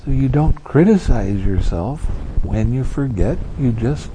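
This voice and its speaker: A man giving a meditation talk, gentle and amused, who acts out his students' complaints. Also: medium pitch, big pitch swings, slow pace, a little hiss or hum, rough recording. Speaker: meditation teacher. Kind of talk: dharma talk.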